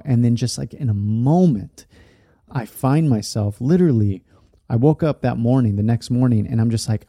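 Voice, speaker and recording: A man's voice: medium pitch, normal speed, warm tone, no room sound, clean studio sound. A man in his thirties, a podcast host, candidly telling a personal story in a loose, rambling way full of fillers. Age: 30s.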